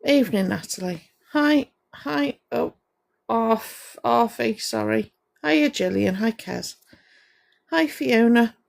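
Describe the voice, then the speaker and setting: A woman ranting on a livestream, her voice gravelly with vocal fry. She speaks slowly and deliberately, scolding someone and breaking off to greet viewers by name. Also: on the high side, lively intonation. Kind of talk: ranting livestream monologue to chat.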